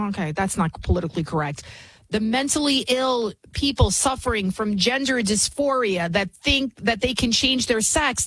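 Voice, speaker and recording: Fast-talking sarcastic woman hosting talk radio. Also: a little high, a bit bright, breathy edge, no room sound, poor audio. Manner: talks fast, rarely pauses; mocking, sarcastic. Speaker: talk show host. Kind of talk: opinionated talk radio commentary.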